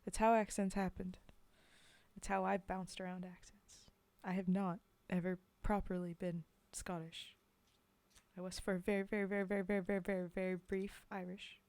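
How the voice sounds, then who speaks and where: A woman's voice: medium pitch, level tone, normal speed, darkish tone, no echo. A woman streamer from North America, chatting with viewers between poems and reading them aloud, often giggling at herself. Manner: giggly, self-mocking, talks to chat. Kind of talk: casual chat and poetry reading.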